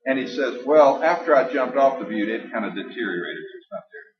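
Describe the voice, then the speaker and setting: A man preaching a sermon in a church hall, emphatic and folksy, slowing down to stress the passages he quotes aloud. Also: medium pitch, lively intonation, crowd noise. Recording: echoey, distant, dull live church recording.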